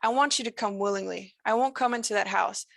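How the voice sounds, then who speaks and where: A woman gives voice to a menacing male entity who drawls in lilting, sing-song spirals. His folksy, rambling lines carry a gravelly edge. The sound is dry and close. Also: medium pitch, fast talker, fairly bright tone, no echo.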